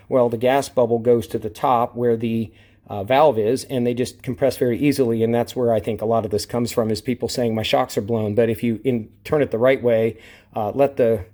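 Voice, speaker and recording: A man explains car shocks and struts in a relaxed, explanatory way, his voice sitting in an ordinary middle pitch. He drops in fillers as he goes. The sound comes from a camera mic in a garage workshop, and at times he moves away from it. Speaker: car hobbyist demonstrating suspension parts. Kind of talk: casual how-to commentary.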